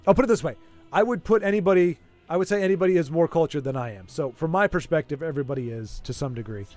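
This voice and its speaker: Rambling streamer, fairly high voice. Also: male voice, quick pace, a little mellow, faint music behind. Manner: rambling, playfully argumentative, many restarts. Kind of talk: casual chat with a livestream audience.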